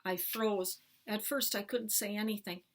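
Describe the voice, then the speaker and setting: A woman teacher reading a chapter book aloud to children, clear and expressive. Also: medium pitch, unhurried, slight background noise.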